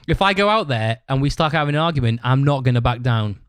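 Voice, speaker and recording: Swearing bloke telling a story. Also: male voice, medium pitch, expressive, quick pace, smooth, no room sound. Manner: swears constantly, rambling; acts out other people's shouted lines. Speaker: podcast host. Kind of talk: casual storytelling monologue.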